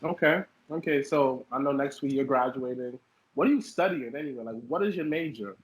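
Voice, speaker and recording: A man hosting a podcast interview, asking questions in an animated, emphatic way. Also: mid-range voice, fairly quick. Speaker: podcast host. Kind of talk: casual interview. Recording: echoey room.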